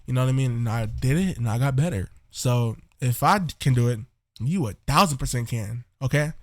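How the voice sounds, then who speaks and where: A man's voice: mid-range voice, animated, fairly quick, no echo. A young man casually coaching viewers on voice work, slangy and encouraging, on a close home mic. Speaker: voice tutorial creator. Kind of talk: casual tutorial chat.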